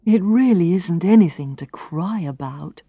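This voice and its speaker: Blunt teasing gallery boss guy read by a woman, slow and low-ish, dry sound. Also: animated, dark tone, husky, dry recording, muffled recording, full character voice. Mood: soothing. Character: charming, blunt male gallery owner. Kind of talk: reading a story aloud.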